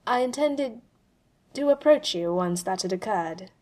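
A woman's voice: fairly high pitch, expressive, unhurried, darkish tone. A woman voicing a hesitant, formal male AI. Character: polite formal male AI butler.

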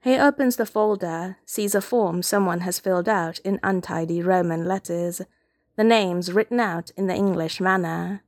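A woman reading a novel aloud as audiobook narrator, in a measured, gentle storytelling manner. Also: lowish voice, no echo, clean studio sound. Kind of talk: scripted narration.

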